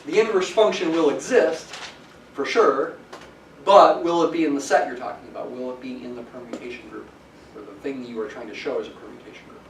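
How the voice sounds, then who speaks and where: A man's voice: mid-range voice, fairly quick, vocal fry. Male lecturer in an echoey classroom. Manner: explanatory, stresses key words. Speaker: math professor. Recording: echoey classroom from some distance, faint hiss.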